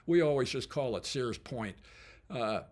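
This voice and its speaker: A man's voice: medium pitch, animated, measured pace, darkish tone. An older man, a company founder, telling stories casually in an enthusiastic, colorful way with frequent asides. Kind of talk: casual storytelling.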